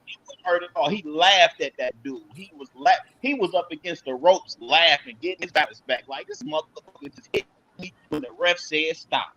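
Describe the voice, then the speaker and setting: A man's voice: a little high, normal speed, bright, forceful tone, highs cut off. A man recounting a boxing match in casual chat, acting out his own reactions as he tells it. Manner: storytelling, acts out reactions.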